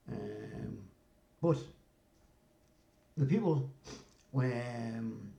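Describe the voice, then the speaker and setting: A man's voice: mid-range voice, gravelly, mellow. An older man, rambling through a casual story and often asking "you know what I mean". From North East England. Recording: roomy echo.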